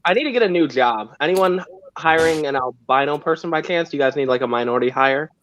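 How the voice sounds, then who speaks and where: High, lively self-mocking man. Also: fast talker, highs cut off. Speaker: livestream guest. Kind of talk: casual chat.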